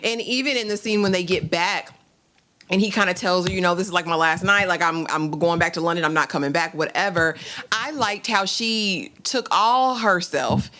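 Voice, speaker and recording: A woman's voice: fairly low pitch, moderate pace, pushed and bright. A woman guest reviewer speaking frankly and playfully in a casual recap chat, quoting the characters in raised voices.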